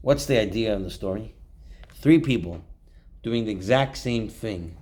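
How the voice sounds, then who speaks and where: A man's voice: fairly low pitch, moderate pace. A man teaching an informal Torah class, telling stories and acting out the quotes. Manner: animated storyteller, acts out quotes. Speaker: rabbi.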